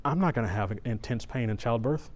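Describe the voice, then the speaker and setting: A middle-aged man preaching at a church service at an ordinary pitch. He tells a personal story in an animated, conversational way, often restarting his sentences. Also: fairly quick.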